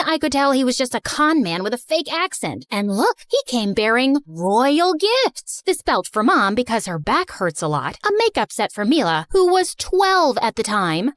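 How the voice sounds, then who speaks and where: A woman narrating an animated first-person story in a chatty, sarcastic way. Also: fairly high pitch, dry recording.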